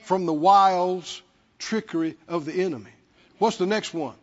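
A man's voice: high voice, normal speed. A man preaching a sermon as pastor, stressing words through repetition and prompting the congregation to respond. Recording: dull lo-fi sound with long hall reverb.

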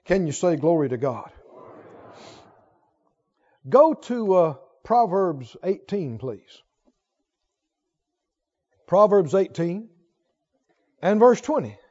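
Animated high-voiced male preacher in a reverberant hall. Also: takes it slowly, long pauses. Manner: animated, rising to emphatic exclamations, conversational asides. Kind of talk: sermon. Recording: dull audio with long hall reverb.

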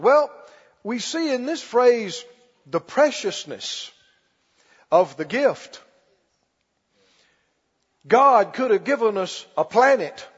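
A man preaching a sermon as pastor, stretching key words slowly and calling for the congregation to respond. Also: extremely high pitch, very animated, slightly rough. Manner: preaching with call-and-response, slow emphatic stretches. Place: church. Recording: muffled recording in a reverberant church hall.

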